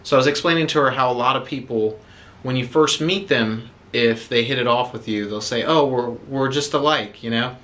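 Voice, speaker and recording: A man's voice: mid-range voice, fairly even intonation, brisk, fairly bright tone. Rambling young man telling a story. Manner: rambling, many fillers like "you know" and "um". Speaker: groom-to-be telling the proposal story. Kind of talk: casual storytelling.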